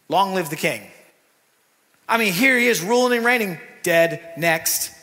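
A man preaching a sermon in a church, talking in a lively, conversational way with asides to the congregation. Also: sits high, a little slow. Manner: animated, conversational preaching with asides and acted quotes. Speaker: pastor. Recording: long reverb of a church hall.

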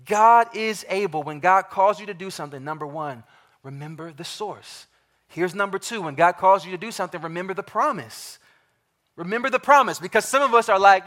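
A man with a high voice preaches to his congregation. He leans hard on repeated phrases, slows down to stress key words, and puts direct questions to the listeners. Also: fairly bright tone. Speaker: pastor. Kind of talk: sermon.

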